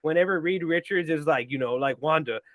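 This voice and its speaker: A man's voice: on the high side, brisk, a bit bright, no room sound. A man co-hosting a casual film review, swearing freely and filling his sentences with "like". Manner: profane, heavy use of "like", laughs often. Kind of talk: casual chat.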